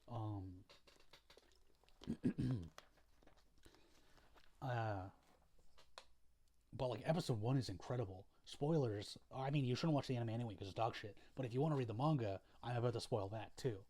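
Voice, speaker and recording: A young adult man talking casually to camera, rambling through a recap with plenty of swearing and filler words. His voice sits at an ordinary middle pitch, loose and unhurried in manner. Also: mellow. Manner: rambling, profane, filler-heavy, laid-back. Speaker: video creator.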